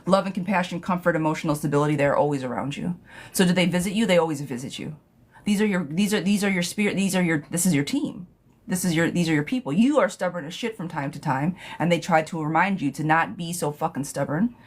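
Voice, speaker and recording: A woman's voice: on the low side, fast talker. A young woman reading tarot on a live stream, casual and sassy, who laughs often and swears freely.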